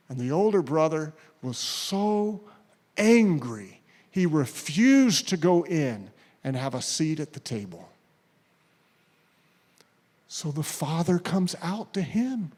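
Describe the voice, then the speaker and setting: Male pastor, sermon delivery, slow measured pace, voices the quotes, drops to a near hush for emphasis. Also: fairly high pitch, sing-song. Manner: storytelling with acted quotes, dropping to a hush at key points.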